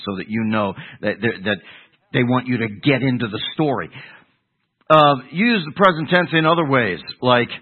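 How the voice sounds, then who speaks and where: A man's voice: medium pitch, husky, phone-quality sound. A middle-aged man preaching an expository sermon, emphatic, often repeating words as he builds a point. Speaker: pastor.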